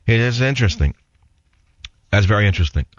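A man's voice: lowish voice, lively intonation, brisk, no echo, highs cut off. A man with a New York accent hosting a talk radio show, combative and sarcastic in a rambling monologue.

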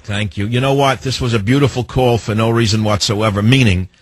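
A man's voice: on the low side, steady tone, brisk, slightly rough, no room sound. A man hosting a radio talk show, talking in an opinionated, emphatic and rambling way into a studio microphone.

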